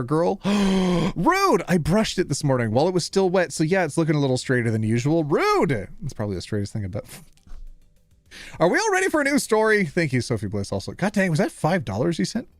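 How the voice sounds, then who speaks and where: A male streamer chats with his live audience in a playful, teasing manner, his pitch swinging widely from low mutters to high exclamations. The sound is dry and close, with light music faint underneath. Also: fast, no room sound. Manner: playful, animated, teasing, reading chat aloud. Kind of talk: casual live-stream chat.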